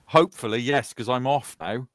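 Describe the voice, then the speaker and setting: Medium-pitched and a bit bright, with a moderate pace and no echo, a Welsh soldier in his fifties chats with gaming friends online. The voice chat is casual, and he rambles in an easygoing way, laughing as he recounts stories.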